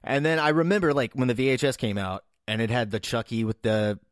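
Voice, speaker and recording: A man co-hosting a podcast in casual chat, animated as he tells stories. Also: mid-range voice, brisk, dry recording, clean studio sound. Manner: animated storyteller. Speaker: podcast co-host.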